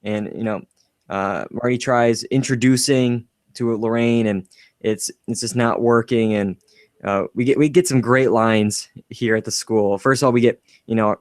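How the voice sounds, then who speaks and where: A man co-hosting a podcast, chatting casually about a film, animated and laughing often as he acts out quotes. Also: medium pitch, moderate pace, dry recording, studio quality. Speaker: podcast co-host.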